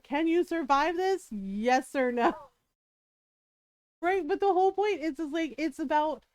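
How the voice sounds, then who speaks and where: A middle-aged woman with a high voice chats on her stream and tells stories from family life. She laughs a lot and keeps checking in with her listeners. Her voice sounds close and dry on the mic. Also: darkish tone, dry recording. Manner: laughs often, keeps asking "right?". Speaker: streamer and mother. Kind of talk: casual storytelling chat on a live stream.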